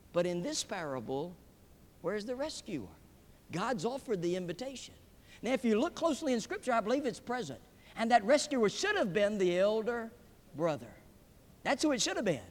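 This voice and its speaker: A man preaches in a large hall before a live audience. His voice sits very high and moves a great deal in pitch. Long reverb trails behind every phrase. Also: big pitch swings, moderate pace, long pauses. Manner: emphatic, swinging between loud peaks and hushed drops. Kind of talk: sermon.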